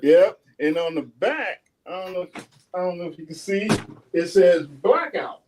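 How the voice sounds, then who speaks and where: High-voiced man telling a rambling story. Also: lively intonation, normal speed, a little mellow, a little hiss or hum. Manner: rambling, many fillers and restarts, chuckles. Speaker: guest artist. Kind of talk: casual storytelling.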